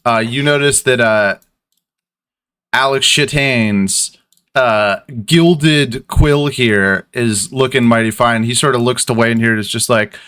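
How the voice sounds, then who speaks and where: A man narrating as game master of a tabletop game, in loose, relaxed speech full of fillers. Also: mid-range voice, slow, clean tone, no room sound, clean studio sound.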